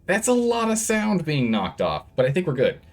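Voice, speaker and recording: A man's voice: a little high, wildly swooping pitch, normal speed. A man streaming a game, chatting casually with viewers while fiddling with his microphone levels. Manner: chatty, distracted while fixing audio levels. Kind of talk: casual live-stream chat. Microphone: studio microphone with gain control.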